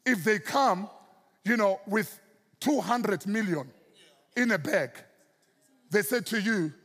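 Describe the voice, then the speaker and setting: A South African man preaching a sermon as pastor, swinging his pitch and stretching out key words for emphasis. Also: expressive, slow, fairly bright tone, big-room sound.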